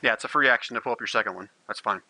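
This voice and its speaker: A man's voice: on the low side, very fast, bright, forceful tone, slight background noise, rough recording. A man running a tabletop game as game master, narrating fights with vivid, gleeful detail.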